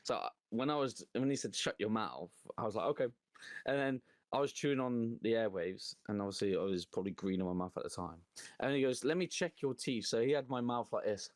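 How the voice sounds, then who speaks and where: A man co-hosting a casual chat, telling animated stories, often laughing and swearing freely. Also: fairly low pitch, a little fast, no echo, clean studio sound. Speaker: co-host.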